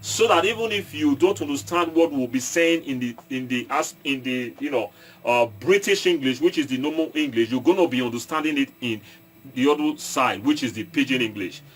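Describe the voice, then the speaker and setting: Halting Nigerian man talking to viewers. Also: medium pitch, animated, slightly rough. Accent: Nigerian, Edo State. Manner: halting, repeats and restarts, mixes in Pidgin, asks viewers if they follow. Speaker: online commentator and entertainer. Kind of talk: casual monologue to viewers.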